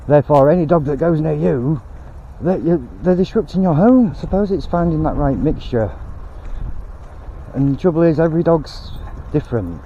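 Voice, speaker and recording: Walking along a canal towpath, a man vlogs a casual rant, blunt and rambling, swearing now and then. His voice is fairly high, animated, and warm at a normal speed, but the recording is muffled with slight background noise.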